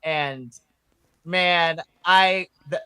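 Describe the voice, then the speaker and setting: This co-host talks wrestling with loose, excitable energy, swearing freely and laughing between thoughts. The voice is bright and forward. The recording is dry and close. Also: medium pitch, extremely slow, clear, resonant tone, no room sound. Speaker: podcast co-host. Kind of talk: casual wrestling chat.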